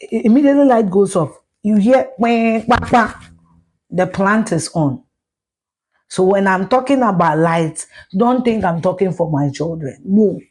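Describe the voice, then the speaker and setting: A middle-aged Ghanaian woman rants on a live stream, blunt and profane, sliding between Twi and English mid-sentence. Her voice has a husky edge, and her pitch sits in an ordinary middle range for a woman. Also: expressive, normal speed, a little mellow. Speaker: social media commentator.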